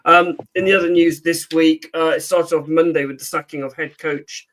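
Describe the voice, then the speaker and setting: A man's voice: on the high side, fairly even intonation, moderate pace, fairly bright tone, far from the mic, poor audio. A man from the UK co-hosting a podcast, reading out the week's news in a chatty way with many ums. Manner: chatty, with frequent ums and uhs while reading. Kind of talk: casual chat.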